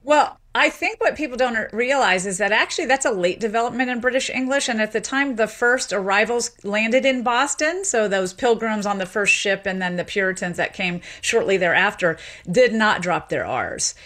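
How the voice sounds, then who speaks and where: Speaking at a normal pace with hardly a pause, a mid-range-voiced woman, a sociolinguist guest from Memphis who grew up in Tennessee, explains at length in a lively way, using lots of fillers.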